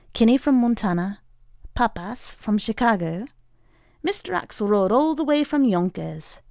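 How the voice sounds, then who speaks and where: Gravelly woman reading a wry story. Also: medium pitch, darkish tone, dry recording, studio quality. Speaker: reader.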